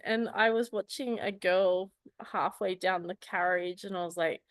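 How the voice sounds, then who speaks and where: A woman in her forties tells a story in an animated, laughing way. Her voice sits fairly low, and the sound is dry and close, with no room around it. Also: moderate pace, clean tone, no room sound. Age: 40s. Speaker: club speaker. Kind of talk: impromptu speech.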